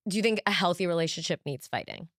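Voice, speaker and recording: Low-voiced young woman co-hosting. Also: quick pace, no room sound, clean studio sound. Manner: brief agreeing interjections, relaxed questions. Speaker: podcast co-host. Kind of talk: casual chat.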